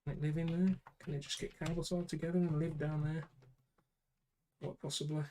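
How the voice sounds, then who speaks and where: A man's voice: fairly high pitch, flat delivery, a little fast, mellow, slight background noise, low-quality recording. British man muttering through a PC build. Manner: muttering to himself, chatty asides. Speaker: PC builder vlogger. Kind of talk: casual running commentary while building.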